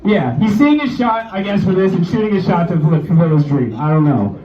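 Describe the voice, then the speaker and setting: A man in his twenties does stand-up at a small bar, laughing at his own jokes while loosely telling a profane story. His voice is high with lively intonation and a fairly quick pace. The roomy, distant, dull club recording picks up crowd reactions and slight background noise.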